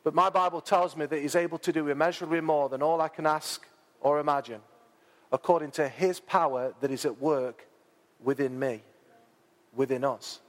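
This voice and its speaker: A man preaching a sermon, chatty and informal, who rises to loud, dramatic peaks when he reads scripture aloud. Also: on the high side, steady tone, normal speed. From England. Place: church hall. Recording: long church hall reverb.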